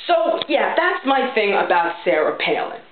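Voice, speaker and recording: A woman's voice: mid-range voice, big pitch swings, moderate pace, slight background noise, close to an everyday voice. A woman voicing a brash, foul-mouthed, chain-smoking middle-aged mother, ranting bluntly and punctuating her points with "okay?". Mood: indignant rant. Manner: blunt, ranting, profane, keeps saying okay. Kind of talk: character vlog monologue. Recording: tinny phone-like sound in an echoey room.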